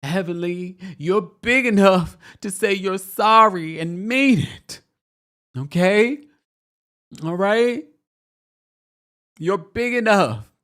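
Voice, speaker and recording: A man putting on a weepy, preachy woman doctor, pitched well above his own voice, drawn-out syrupy pleading, slow and breathy with a faraway hollow tone. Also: fairly bright tone. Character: tearful, preachy woman doctor consoling a castmate.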